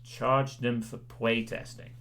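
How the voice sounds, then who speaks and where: A man's voice: medium pitch, little pitch movement, slow, vocal fry, fairly bright tone. A male streamer chatting casually with his audience, rambling and self-deprecating, with lots of "you know"s. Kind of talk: casual chat with a livestream audience.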